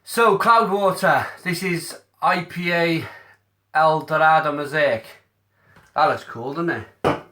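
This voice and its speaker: A man hosts a casual live stream, talking straight into his mobile phone. His voice sits a little high and sounds bright and forceful. He stays chatty and upbeat, answering viewers' comments aloud as he goes. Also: takes it slowly. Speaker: beer reviewer streaming live. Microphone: mobile phone camera.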